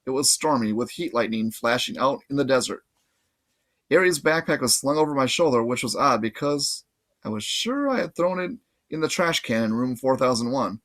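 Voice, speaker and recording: A man reading a novel aloud in casual, lively first-person narration. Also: mid-range voice, normal speed. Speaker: audiobook reader.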